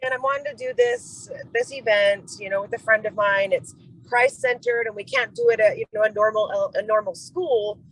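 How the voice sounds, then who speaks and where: Animated, gravelly woman telling a story. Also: a little high, a little fast, dry recording, poor audio. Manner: animated storyteller who acts out quoted dialogue; fillers like "like". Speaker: program member sharing a story. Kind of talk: casual chat, storytelling.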